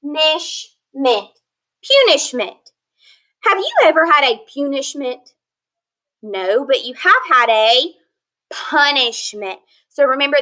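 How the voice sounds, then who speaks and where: A woman teacher leading a phonics lesson, sounding out words slowly and clearly, patient and encouraging. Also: high voice, sharp tone, poor audio. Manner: slow, clear modeling of words.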